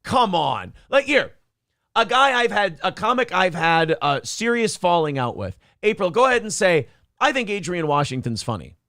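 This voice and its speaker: A man's voice: sits high, moderate pace, no room sound, studio quality. A man hosting a morning show podcast, talking casually and mockingly about clips, with plenty of swearing. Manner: animated, profane, mocking. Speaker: podcast host.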